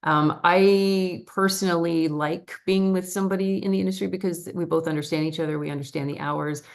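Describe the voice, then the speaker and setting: A middle-aged actress chatting as a guest in a casual interview, telling stories in a lively, talkative way. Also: female voice, lowish voice, fairly quick, gravelly. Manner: chatty, animated storyteller with laughs.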